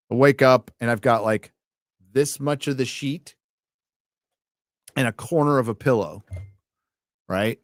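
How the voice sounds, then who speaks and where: A man's voice: mid-range voice, no room sound, clean studio sound. Profane, rambling male livestream host. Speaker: livestream host reading viewer donations. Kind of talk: casual late-night livestream chat.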